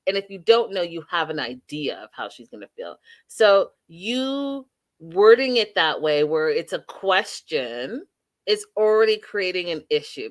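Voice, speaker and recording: A woman hosting a live recap show, telling the story with lively, opinionated asides and quoting people as she goes, talking straight to her viewers. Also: on the low side. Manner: addresses viewers directly as y'all and you guys. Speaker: host. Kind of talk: recap and review live stream.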